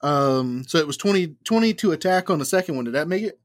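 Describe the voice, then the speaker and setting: A man's voice: on the high side, expressive, fast, no room sound, clean studio sound. Easygoing male tabletop player. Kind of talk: casual tabletop play.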